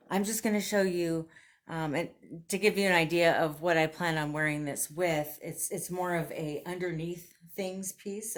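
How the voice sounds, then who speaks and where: A woman with a notably low voice talks through a thrift haul and try-on as a vlogger. She is chatty and enthusiastic and laughs often.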